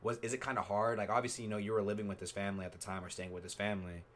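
A young man with a lowish voice hosts a podcast, spinning stories in easygoing slang. He laughs often as he talks, and a faint hum of room noise sits behind him. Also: level tone, racing. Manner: laid-back storytelling, slangy, laughs often. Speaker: podcast host. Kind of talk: casual chat.

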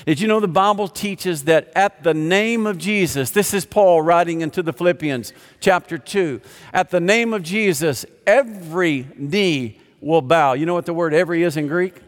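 An older man preaching with a fairly high voice, swinging between fervent emphasis and hushed, tender moments. His sermon rings out in a hall with a long, lingering echo. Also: normal speed. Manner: impassioned, emphatic preaching with rhetorical questions. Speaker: pastor. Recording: long reverb of a large hall.

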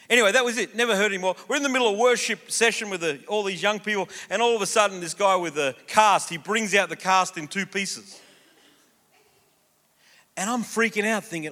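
A man's voice: sits high, fairly quick. A man preaching a sermon, telling a story and acting out the voices in it. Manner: animated, acts out quoted voices. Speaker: pastor. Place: church auditorium. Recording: long reverb of a church hall.

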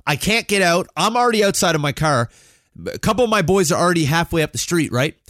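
A man in his thirties telling a story on a podcast, animated and full of swearing. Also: fairly high pitch, fast talker, no echo, clean studio sound. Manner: animated, swears a lot, acts out quotes. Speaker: podcast co-host. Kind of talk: casual storytelling.

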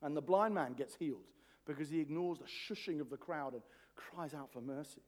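A male pastor preaching a sermon with passion, shifting between soft, low passages and loud, emphatic ones. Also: fairly quick.

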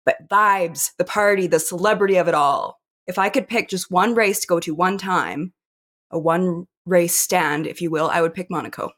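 A woman's voice: lowish voice, normal speed, a bit bright. A woman co-hosting a podcast, talking in enthusiastic, joking banter. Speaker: podcast co-host.

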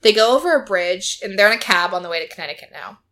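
A woman's voice: mid-range voice, expressive, racing, pushed and bright, slight background noise. A woman co-hosting a casual chat, recapping a reality show with lots of "like" and quoted lines. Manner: chatty storytelling, acting out quotes, frequent "like".

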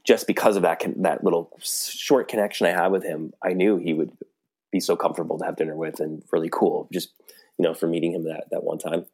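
A middle-aged man with a low, gravelly voice tells a story in easy conversation. He is animated, laughs often and acts out the lines of the people he quotes. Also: quick pace. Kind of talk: casual storytelling.

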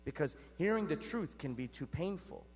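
This Catholic priest's voice sits on the high side, slightly mellow, with lively intonation and a moderate pace. Preaching in a church full of long reverb, he speaks earnestly and conversationally, quizzing the congregation and addressing them as "guys."

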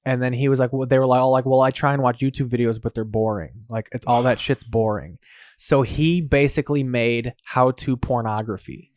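Man, chatty podcast host, dry close mic, mid pitch, rambling anecdotes. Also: steady tone, brisk, a little mellow, no echo. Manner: rambling storyteller, acts out quotes. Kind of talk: casual chat.

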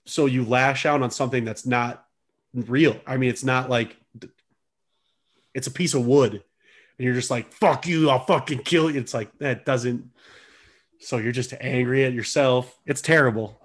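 Man, mid-pitched, jokey co-host who swears freely and laughs a lot. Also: steady tone, unhurried, long pauses. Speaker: podcast co-host. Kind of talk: casual chat.

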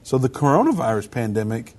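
Husky-voiced male talk show host. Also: mid-range voice, fast. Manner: relaxed, conversational, reads quotes aloud. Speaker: podcast co-host. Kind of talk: casual religious talk show.

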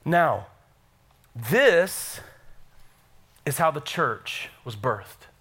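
A middle-aged man preaching a sermon in a church, energetic and calling out to the congregation. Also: a little high, extremely slow, breathy edge. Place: church sanctuary.

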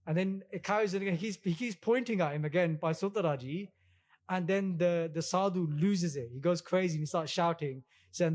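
A man giving a storytelling sermon on scripture, relaxed and conversational, acting out quotes and mixing in Punjabi words. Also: high-pitched, fast. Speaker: religious teacher giving katha.

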